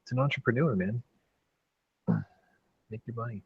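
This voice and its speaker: A man hosting a casual podcast chat, relaxed, laughing often and swearing freely. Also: mid-range voice, moderate pace, slightly rough, no echo, highs cut off. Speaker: podcast host.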